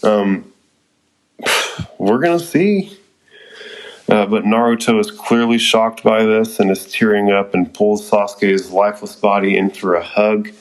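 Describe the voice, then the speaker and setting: A man casually recapping and commenting on an anime episode, swearing now and then and trailing off with fillers and excited asides. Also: on the low side, measured pace, low-quality recording.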